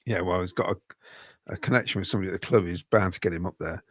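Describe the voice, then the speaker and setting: A man's voice: deep voice, fast talker, no echo. A man with a Coventry accent co-hosting a football fan podcast, reading out viewer comments with chatty asides. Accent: Coventry English. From Midlands, England. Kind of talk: casual fan podcast chat.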